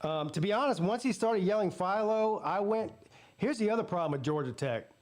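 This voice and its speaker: His voice is high yet darkish in tone, animated, and a little fast. He's running a live football watch party, ranting casually, telling stories, and cursing freely as the sports channel host.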